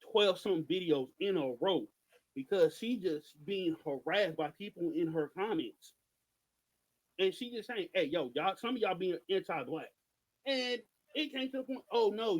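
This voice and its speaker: Podcast co-host, male, high and lively voice, emphatic commentary. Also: low-quality recording. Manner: animated, emphatic, rhetorical questions. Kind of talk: passionate political commentary.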